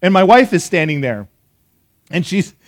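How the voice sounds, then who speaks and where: A pastor preaching a sermon to a live congregation, an animated storyteller who talks straight to his listeners with questions and laughs at his own jokes. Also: high-pitched, moderate pace. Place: church service before a live congregation.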